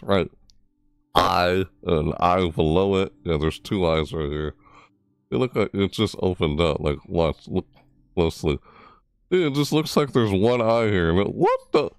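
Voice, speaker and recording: A young man with a very low voice streams a live reaction, rambling excitedly and laughing as he goes. The sound is dry and close, with no room echo. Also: slow pace, pauses often.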